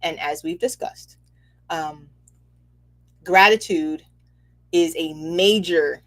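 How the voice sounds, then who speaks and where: A woman giving a casual, animated spiritual reading, chatty and quick to laugh, checking in with "okay?" often. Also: low voice. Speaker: spiritual reader and host.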